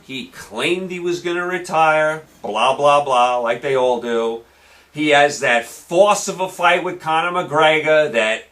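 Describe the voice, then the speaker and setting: A brash, combative man rants through a sports talk monologue in a high, bright voice, hammering his points home by saying them again and again. He sits a little away from the mic. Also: far from the mic. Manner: brash, combative, repeats lines for emphasis. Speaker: sports show host.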